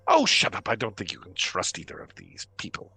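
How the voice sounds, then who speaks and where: A man's voice: fairly low pitch, huge pitch swings, a little fast, gravelly, bright, forceful tone, breathy edge, no room sound, full character voice. A man voicing a possessed adventurer who speaks with stiff, pompous formality in a tabletop game. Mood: stiff, theatrical. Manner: overly formal, pompous phrasing. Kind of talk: tabletop role-play voice.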